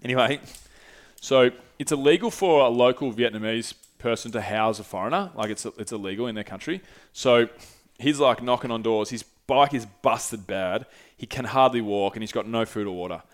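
A young male podcaster talks casually by himself about a long trip, cursing a lot and filling the meandering story with ums and likes. His pitch is medium and his speed normal.

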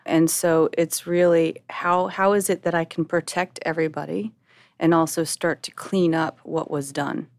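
A woman's voice: low voice, steady tone, normal speed, no room sound. A middle-aged woman co-hosting a podcast, talking candidly and emotionally, often restarting her sentences as she searches for words. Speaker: podcast co-host.

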